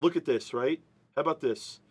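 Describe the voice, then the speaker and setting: A man hosting a live-streamed card break, excitable and talking over the others, repeating himself. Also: fairly high pitch, moderate pace, slightly rough.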